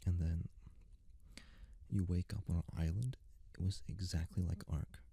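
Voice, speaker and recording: Speaking close to the mic in a hushed ASMR style, a young male ASMR creator drifts from thought to thought, tying them together with "like." His voice is low, gravelly, deeply husky and very dark, delivered at normal speed with no echo.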